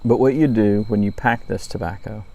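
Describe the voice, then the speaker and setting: Gravelly, low-voiced man from Louisiana. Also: moderate pace. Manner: relaxed, rambling, frequent ums and self-corrections. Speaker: pipe tobacco reviewer. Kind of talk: casual night-time review vlog.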